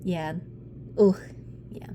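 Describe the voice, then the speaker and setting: A woman's voice: extremely slow, dark tone, slight background noise. A woman giving a casual tarot reading, blunt and profane, rambling with laughs and sighs. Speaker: tarot reader.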